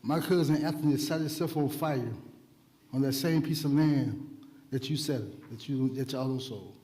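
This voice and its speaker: A man's voice: mid-range voice, normal speed, warm tone. A man giving a blunt public comment at a city meeting, repeating his points and asking pointed questions. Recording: long reverb of a council chamber.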